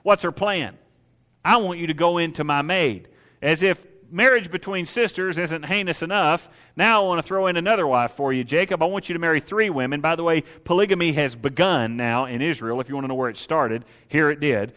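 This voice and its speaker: A man's voice: fairly high pitch, sharp tone. Male preacher, chatty and emphatic, wry humor, rhetorical questions, a big reverberant hall. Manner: emphatic, slowing down on key points. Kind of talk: sermon.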